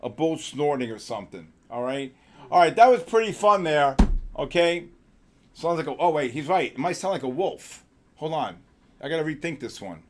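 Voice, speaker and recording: A man runs a live trading stream, reacting loudly and excitedly to market moves. He bickers in exasperation with his crew between calls, in a voice pitched a little high. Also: normal speed, background noise. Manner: excitable, loud outbursts, exasperated banter. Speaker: trading show host.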